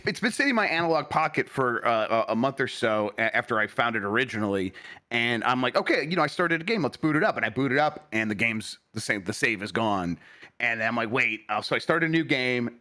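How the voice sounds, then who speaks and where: Podcast host, male; fast, bright, loose and profane. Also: lowish voice. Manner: loose, rambling, swears freely. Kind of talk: casual chat.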